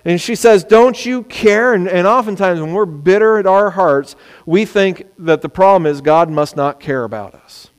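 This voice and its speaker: Animated preacher in a reverberant hall. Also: male voice, sits high, moderate pace, hardly any pauses, clear, resonant tone. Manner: animated preaching, acts out quoted complaints. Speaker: pastor. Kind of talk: sermon.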